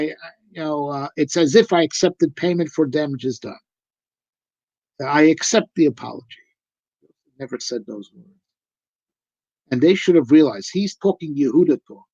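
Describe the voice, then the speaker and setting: A male rabbi delivers a live, conversational Torah discourse, emphatic and full of rhetorical questions. His voice is a little high with a dark tone, captured with no room sound on a dull lo-fi recording.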